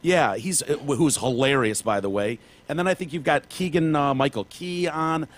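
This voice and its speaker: A man's voice: fairly high pitch, moderate pace. A man hosting a podcast, asking questions in an easygoing, loose way with lots of fillers. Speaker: podcast host. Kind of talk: casual interview chat.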